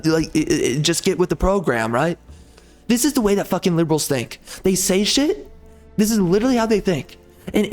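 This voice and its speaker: An agitated man rants over gameplay, cursing freely and stammering through repeated words. His voice sits a little high for a man, and a faint game soundtrack plays underneath. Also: darkish tone. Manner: angry, profane, stammering repetitions. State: agitated, seething. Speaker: gaming channel host. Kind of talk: ranting commentary over gameplay.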